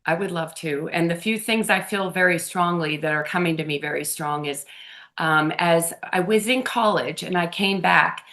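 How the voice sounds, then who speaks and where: A woman being interviewed as a podcast guest, telling personal stories in an earnest, heartfelt way that often drops into a hushed tone. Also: fairly low pitch, moderate pace. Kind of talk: conversational storytelling.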